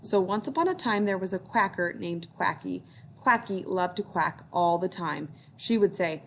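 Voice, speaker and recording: A woman's voice: fairly low pitch, animated, normal speed, gravelly, fairly bright tone. A woman teacher reading a picture book aloud to young children, encouraging them to join in.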